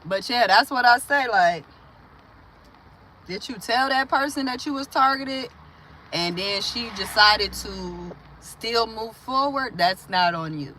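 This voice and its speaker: A woman's voice: a little high, animated, slow, sharp tone. A woman from Milwaukee hosting a casual livestream, rambling through stories and viewer comments, laughing often and acting out the voices she quotes. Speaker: livestream host.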